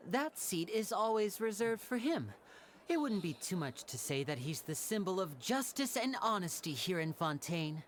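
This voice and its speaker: A lively, smooth-talking stage magician. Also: male voice, sits high, moderate pace, slight background noise. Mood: gracious. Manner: smooth, gracious showman. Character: showy young male stage magician.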